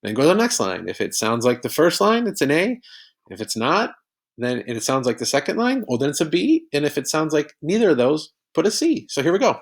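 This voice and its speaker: A man's voice: fairly high pitch, very animated, fairly quick. A man teaching a recorded poetry lesson, patiently explaining step by step with examples.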